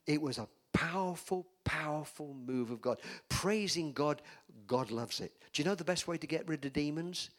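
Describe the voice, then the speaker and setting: A man's voice: a little high, moderate pace. A man preaching a sermon in a church, emphatic and calling for amens from the congregation. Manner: emphatic, call-and-response preaching.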